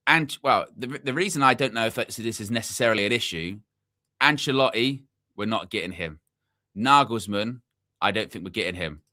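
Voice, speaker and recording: A young man talks loosely on a football live stream, drifting between asides and repeating himself as he thinks aloud. His voice sits fairly low but comes across bright and forceful, close on a dry mic with no room around it. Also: no echo. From England. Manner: rambling, repeats himself, chatty asides to the chat. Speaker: football channel host. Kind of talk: casual live-stream chat.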